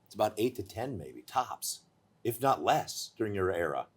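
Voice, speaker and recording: A man's voice: lowish voice, big pitch swings, normal speed, husky. A man co-hosting an interview show, joking and teasing the guest. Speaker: co-host. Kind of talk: casual interview chat.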